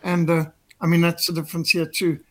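A man with a Rhodesian English accent, a podcast guest explaining in a measured way with frequent ums. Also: fairly high pitch, completely flat delivery. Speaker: guest commentator. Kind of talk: casual podcast chat.

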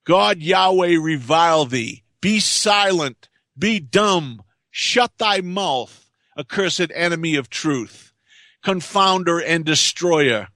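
A man reading the lines of Seth, a stern young son, commanding in slow archaic speech. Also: a little high, expressive, pushed and bright, no echo, clean studio sound, full character voice.

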